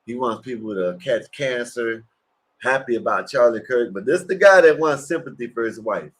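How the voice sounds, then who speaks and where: A man's voice: medium pitch, lively intonation, normal speed, slightly rough. A man hosting a livestream, giving rambling, crude, mocking reactions to clips. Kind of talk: casual profane reaction commentary.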